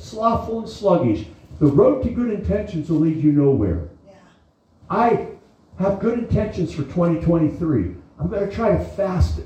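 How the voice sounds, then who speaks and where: A male pastor preaches, often pausing on "uh, amen" to fill the gaps between his points. His voice sits high but sounds mellow and soft-edged. It reaches the mic from a distance and rings around a very echoey church room. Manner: preachy, drawn-out phrasing with frequent "uh, amen". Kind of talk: sermon. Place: church sanctuary.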